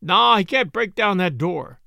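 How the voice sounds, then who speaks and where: Guy doing a no-nonsense barkeeper, plain talk, gravelly, dry sound. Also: high-pitched, animated, unhurried, sharp tone, no room sound, heavily acted. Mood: blunt. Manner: blunt, plain-spoken. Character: matter-of-fact older male saloon barkeeper.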